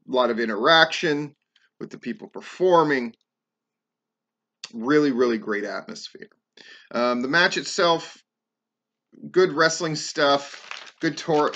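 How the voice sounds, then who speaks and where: Reviewing a wrestling show on his podcast, a middle-aged man rambles loosely, swears a lot and says "um" often. The lo-fi recording carries a mid-range voice that is bright and forceful.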